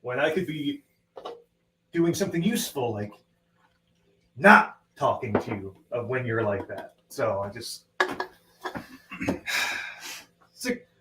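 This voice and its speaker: A man's voice: mid-range voice, slow pace, pauses often. A man co-hosting a livestream over a video call, ranting bluntly and with exasperation. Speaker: co-host. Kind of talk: casual livestream chat. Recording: echoey distant call audio, faint noise.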